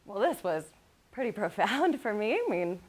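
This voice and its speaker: A woman giving a live motivational talk, telling lively personal stories with frequent laughs and speaking directly to the audience. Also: medium pitch, normal speed. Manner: animated storytelling, laughs often, addresses the crowd.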